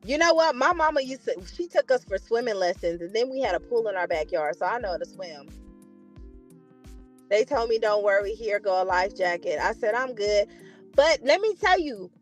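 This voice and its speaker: A woman from the Los Angeles area telling a story in casual chat, animated and laughing, acting out the voices in the dialogue. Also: moderate pace, faint music behind. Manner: animated, laughing, acts out dialogue with big pitch jumps.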